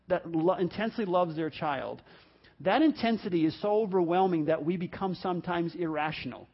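A man's voice: a little high, dull audio. A man preaching a sermon in a conversational way, repeating words and acting out the people he quotes. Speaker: pastor.

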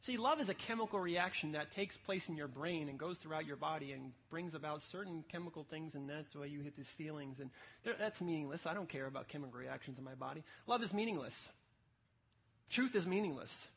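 Passionate husky-voiced male preacher. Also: a little high, fairly quick. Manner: passionate, emphatic preaching with sudden quiet stretches. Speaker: pastor. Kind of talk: sermon. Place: church service.

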